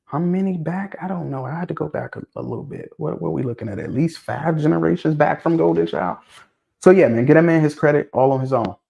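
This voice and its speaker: Animated man prodding his viewers. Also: fairly high pitch, quick pace, creaky, highs cut off. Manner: animated, prodding viewers with questions, repeats himself. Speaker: livestream host discussing dog pedigrees. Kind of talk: casual livestream chat.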